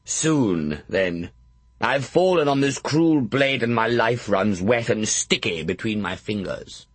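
A man voicing a melodramatic old blind earl in an audiobook, croaking and lamenting slowly. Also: on the low side, expressive, no room sound, full character voice. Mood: feebly dying. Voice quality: croaking, theatrical wailing. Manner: slow, drawn-out lamenting. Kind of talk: audiobook character voice.

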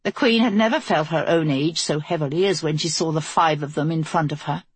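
A woman narrating a fantasy audiobook in a steady, even voice. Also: low-pitched, brisk, breathy edge, no echo.

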